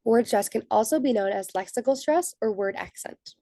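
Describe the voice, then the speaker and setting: A young woman walks through a class presentation point by point, reading from prepared notes. Her voice is mellow and warm rather than bright. The recording is dry, with no room sound. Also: on the high side, moderate pace, dry recording. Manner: methodical, reads from prepared notes. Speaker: student presenter. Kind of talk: scripted slide presentation.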